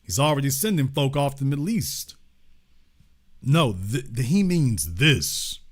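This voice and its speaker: A man from Louisiana hosting impassioned political commentary, emphatic and repetitive, dropping from loud to hushed. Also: mid-range voice, lively intonation, unhurried. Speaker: host.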